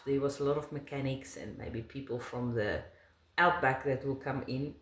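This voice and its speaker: A woman's voice: extremely low pitch, normal speed, roomy sound. A middle-aged South African woman, her first language Afrikaans, with an Afrikaans accent, talking in a casual interview in an emphatic, laughing way.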